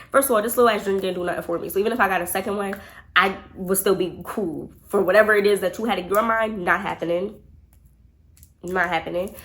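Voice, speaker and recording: A young woman vlogger telling a dating story in casual chat, animated and profane, talking to her viewers as y'all. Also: mid-range voice.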